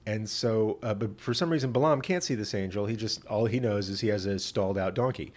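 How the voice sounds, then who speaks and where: A man's voice: fairly low pitch, fairly quick, darkish tone. A man who is a rabbi, retelling scripture casually with humor and many fillers.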